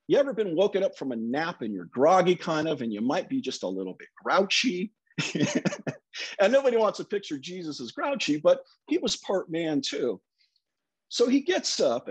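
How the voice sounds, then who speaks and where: Husky, high, lively-voiced preacher man. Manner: conversational storytelling. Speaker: minister. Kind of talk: sermon.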